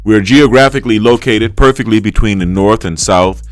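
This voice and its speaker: A man with a New Orleans drawl talks through a casual livestream in a somewhat low voice. He lectures, repeats himself and keeps checking that the audience is with him. A faint funky beat plays quietly behind him. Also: brisk, no echo, studio quality. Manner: repetitive, lecturing, keeps checking in with "right?" and "okay?". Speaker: livestream host. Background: faint funky music beat.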